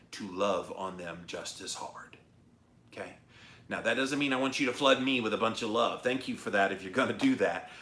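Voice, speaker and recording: Man, middle-aged, live-stream host, emphatic chatty delivery, low bright voice, echoey room. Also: a little hiss or hum. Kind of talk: casual livestream chat reading comments.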